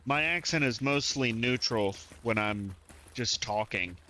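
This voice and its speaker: A man's voice: medium pitch, a little slow, sharp tone, slight background noise. A man from the southern United States chatting and reacting aloud as he streams live gameplay, keeping a mostly neutral way of speaking.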